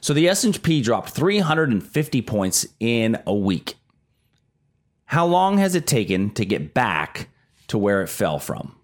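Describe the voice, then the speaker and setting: Middle-aged guy walking through stock charts, lowish voice, kinda rambly. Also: big pitch swings, a little slow. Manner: explanatory, with frequent restarts and fillers. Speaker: market analyst co-host. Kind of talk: casual market talk.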